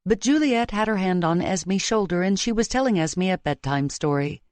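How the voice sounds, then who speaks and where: A woman reading a romance audiobook in a measured, emotive way, close to the microphone. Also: medium pitch, expressive, a little mellow, no room sound. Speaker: audiobook narrator. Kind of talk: scripted romance narration. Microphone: close studio mic.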